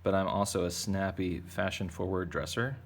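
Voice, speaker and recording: Sassy lady shark in a tutu bragging, voiced by a guy, deep gravelly voice. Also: steady tone, normal speed, slight background noise. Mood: proud. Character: smart, stylish female shark in a tutu.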